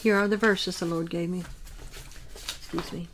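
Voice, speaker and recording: A woman narrating her own religious dream as a testimony, reading in an earnest, measured way. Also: on the low side, steady tone, a little hiss or hum.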